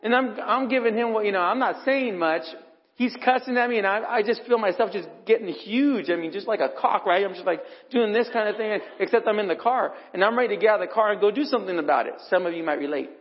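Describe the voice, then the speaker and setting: Middle-aged male preacher, conversational storyteller, slightly high voice, muffled hall recording with long echo. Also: fast talker. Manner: conversational storytelling, acts out quotes. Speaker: pastor. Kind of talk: sermon with personal stories. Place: church hall. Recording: dull recording in a reverberant hall.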